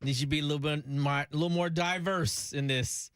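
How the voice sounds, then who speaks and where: A man with a bright, slightly high voice co-hosts a radio morning show. He talks bluntly and teases the others in opinionated banter, and the dry studio mic keeps him close. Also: steady tone, fairly quick, clear, resonant tone, no room sound. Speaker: radio co-host. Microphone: studio microphone.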